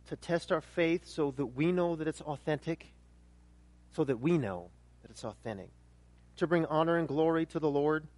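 High-voiced man preaching a sermon. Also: no echo. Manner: emphatic, rising to loud questions, then dropping quiet and intense. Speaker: pastor.

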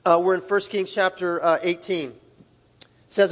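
A man preaching a sermon in a relaxed, conversational way, with folksy asides. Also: sits high, normal speed. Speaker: pastor. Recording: long reverb of a large hall.

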